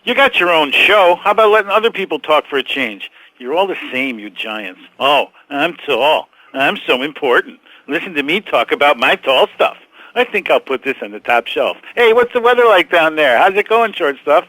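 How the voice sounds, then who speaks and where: A man's voice: a little high, very animated, moderate pace, sharp tone, no room sound, poor audio. A bitter, touchy short guy caller. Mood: mocking. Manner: resentful, sarcastic.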